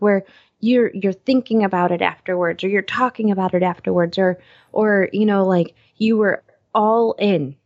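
A woman's voice: medium pitch, normal speed, no echo, lo-fi sound. A woman in her thirties, a co-host chatting casually and acting out her own reactions over a video call. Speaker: podcast co-host. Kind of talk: casual chat.

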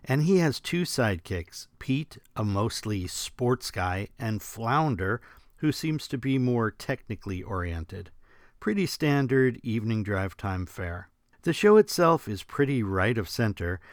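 A man's voice: fairly low pitch, no room sound, clean studio sound. A man hosting a podcast and reading scripted commentary in a wry, sarcastic manner. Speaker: podcast host.

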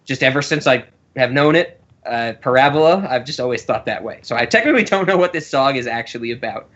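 A man's voice: mid-range voice, lively intonation, quick pace, a bit bright, muffled recording. A man co-hosting a casual podcast, rambling and laughing often as he talks. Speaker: podcast co-host.

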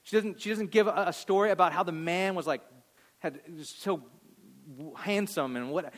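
A male pastor in full sermon mode, his voice sitting somewhat high for a man. He drives his points hard, then drops quiet for scripture and quoted lines. He slips into brief voices of people in the story as he goes. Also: normal speed. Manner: dynamic preaching, swings from loud emphasis to hushed quotes.

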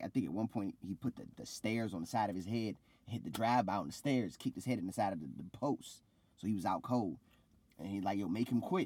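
A young man with a low voice talks in a loose, slangy way. He retells events with energy and acts out other people's lines. His voice sounds dry and close to the mic. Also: slightly rough, no room sound. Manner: animated storytelling, acts out quotes, slangy. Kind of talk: casual chat.

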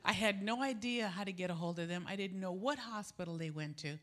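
A middle-aged woman preaching a sermon, telling a personal story and acting out the dialogue in an animated way. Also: fairly quick. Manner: animated, acts out quoted dialogue with jumps in pitch. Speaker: preacher at a women's gathering.

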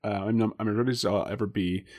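A man's voice: on the low side, fairly even intonation, fast, darkish tone. A man co-hosting a casual podcast, rambling with many fillers and restarts and laughing often. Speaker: podcast co-host guessing films.

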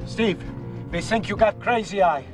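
An actor playing an alarmed ship crewman shouting urgent orders, in a film clip. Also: sits high, normal speed, close to an everyday voice. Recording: film clip, distant mic over loud music. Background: music and boat sounds.

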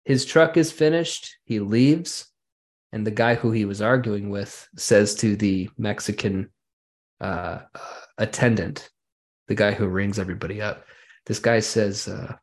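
A podcast host with a somewhat low voice spins a long, wry anecdote for his co-host. He talks casually and lingers on small details, setting the scene piece by piece. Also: a little slow. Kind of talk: casual storytelling chat.

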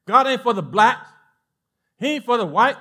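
A male pastor with a Southern American accent preaching a sermon, animated, swinging from loud emphatic lines to hushed asides. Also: very high voice, moderate pace, slightly rough.

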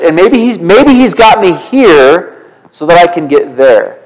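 A male pastor preaching a sermon in church, animated and conversational, asking the congregation questions. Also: high voice, unhurried, poor audio.

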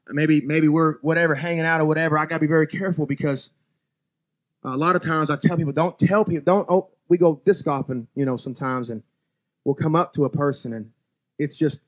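A man preaching a sermon as pastor, folksy and direct with his congregation, moving from quiet scripture reading to loud exhortation. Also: fairly high pitch, a little fast. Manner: folksy, talks straight to the congregation. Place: church sanctuary.

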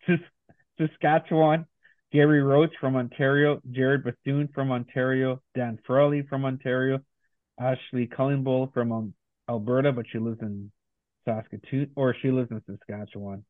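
A man's voice: mid-range voice, level tone, normal speed, no echo. Podcast host guy reading off a long list of names, tinny phone sound, dry. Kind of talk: casual podcast chat.

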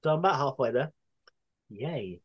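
A man's voice: medium pitch, animated, normal speed, slightly rough, lo-fi sound. Male podcast co-host, dry sweary banter, casual delivery. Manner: dry, sweary, self-mocking about his injury. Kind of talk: casual chat.

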